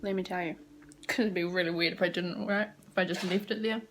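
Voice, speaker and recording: A woman's voice: fairly low pitch, steady tone, fast, a bit bright, a little hiss or hum. A young woman from New Zealand with a New Zealand accent, rambling casually and swearing now and then in a vlog recorded in a small rented apartment. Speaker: vlogger.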